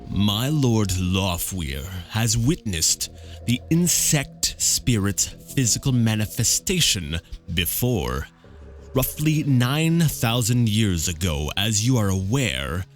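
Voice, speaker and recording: A man voicing a slow, deliberate envoy who savors every word in a drawn-out, heavy delivery. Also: fairly low pitch, pitched below the performer's own voice.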